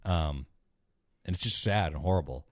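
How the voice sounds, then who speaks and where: Young male podcast co-host, very low voice, loose swearing storyteller, dry close sound. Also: normal speed, no echo. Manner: rambling, swears a lot, acts out characters in a low mutter. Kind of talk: casual chat retelling stories.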